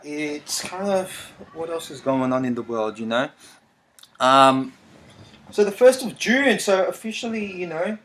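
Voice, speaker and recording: A man, hosting a podcast in casual, rambling solo talk. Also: mid-range voice. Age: 30s. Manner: rambling, relaxed, frequent fillers. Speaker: podcast host. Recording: roomy echo.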